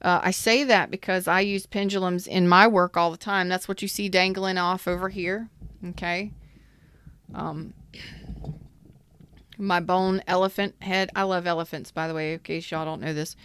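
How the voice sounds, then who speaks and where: A woman's voice: on the low side, steady tone, normal speed, fairly bright tone, slight background noise. A woman giving a live tarot reading in a chatty, emphatic way and greeting viewers in the chat. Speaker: tarot reader.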